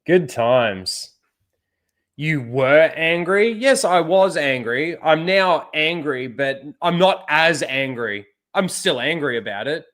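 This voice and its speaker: A man's voice: a little high, animated, slow pace, fairly bright tone. A man hosting a casual livestream, swearing freely and chuckling often. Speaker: livestream host.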